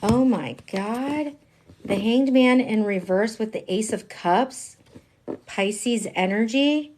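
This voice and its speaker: A woman giving a live-streamed tarot reading, chatty and emphatic, dropping slang and swinging between hushed asides and excited outbursts. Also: on the high side, slow pace. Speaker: tarot reader.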